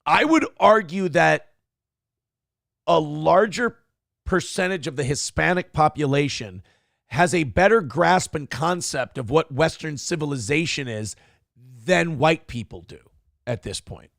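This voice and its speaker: A man's voice: on the high side, expressive, measured pace, vocal fry, fairly bright tone, dry recording, clean studio sound. A male show host giving crude, mocking casual commentary on video clips and laughing often.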